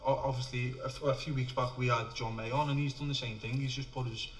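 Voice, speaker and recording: A man's voice: mid-range voice, steady tone, fast. A man hosting a chat show in an upbeat, chatty way. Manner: upbeat, chatty, says mate. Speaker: talk show host. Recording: distant mic with faint music.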